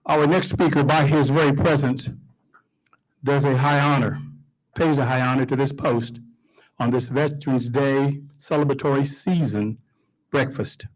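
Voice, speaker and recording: A man's voice: medium pitch, fairly even intonation, measured pace, poor audio. A man acting as master of ceremonies, introducing speakers in a formal, lightly joking way.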